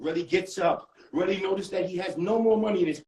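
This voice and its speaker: A man telling a comic street story, animated and repetitive with dramatic outbursts. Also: high voice, fast, very noisy. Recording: roomy echo.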